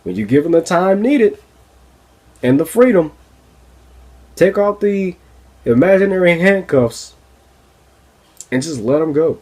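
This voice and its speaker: Brief: male podcast host, fairly high voice, swears freely, exasperated, casual review rant. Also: very animated, measured pace, long pauses, a little mellow. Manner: profane, exasperated, laughs often.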